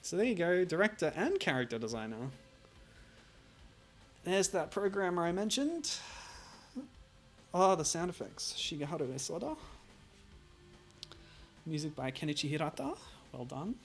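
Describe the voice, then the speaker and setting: A man's voice: fairly high pitch, very animated, normal speed, long pauses. A man streaming a retro game, chatting casually and wryly with frequent laughs.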